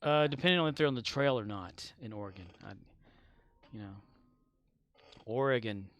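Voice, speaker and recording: A man's voice: mid-range voice, expressive, brisk, fairly bright tone. Young male streamer, casual chat, rambling jokes, crude asides. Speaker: livestreamer. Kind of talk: casual livestream chat while gaming.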